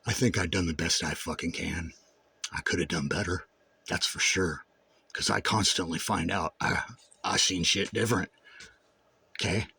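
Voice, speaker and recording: A man talks straight to camera in a raw, profane monologue. His husky, somewhat low voice sinks into brooding mutters, then climbs into loud, passionate shouts. The delivery stays intense and unfiltered throughout. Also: fairly even intonation, normal speed, pauses often. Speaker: vlogger.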